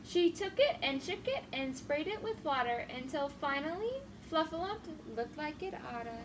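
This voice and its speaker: A young woman reading a rhyming children's picture book aloud, expressive and singsong. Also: high-pitched, normal speed, far from the mic, background noise. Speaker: children's story reader.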